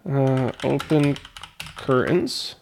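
A man's voice: mid-range voice, drawn-out words, creaky, darkish tone, a little hiss or hum. A man with a cold, co-hosting a podcast over a video call and reading a text adventure game aloud with playful emphasis. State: has a cold. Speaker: podcast host.

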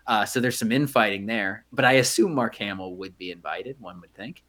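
A man's voice: lowish voice, normal speed, bright, forceful tone. A middle-aged man co-hosting a podcast in casual chat, rambling with many fillers and restarts. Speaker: podcast co-host.

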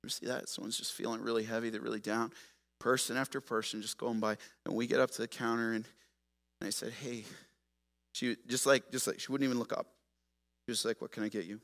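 Bright-voiced preaching man. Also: mid-range voice, level tone, a little fast, gravelly. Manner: swings between soft storytelling and loud emphatic preaching. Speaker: pastor. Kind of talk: sermon.

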